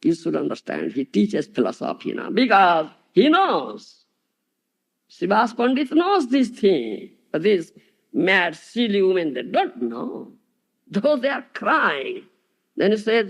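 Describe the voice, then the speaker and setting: A man giving a scripture lecture as a spiritual teacher, with many "uh" fillers, who keeps asking "do you understand?" and chants verses quickly. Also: sits high, huge pitch swings, gravelly.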